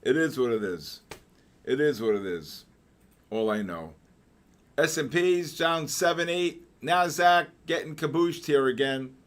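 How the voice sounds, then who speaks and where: An older man with a somewhat high voice runs a live trading stream. He talks excitably, breaking off from chart commentary into jokey tangents and sudden loud outbursts. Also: a little slow. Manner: excitable, joking storyteller with loud exclamations. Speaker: trading session host.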